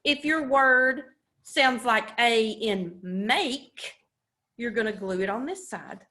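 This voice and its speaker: A woman's voice: on the high side, bright, forceful tone. A woman teacher giving a recorded phonics lesson to young children, talking patiently and stretching out each sound. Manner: slow, patient, drawn-out enunciation of sounds. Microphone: camera.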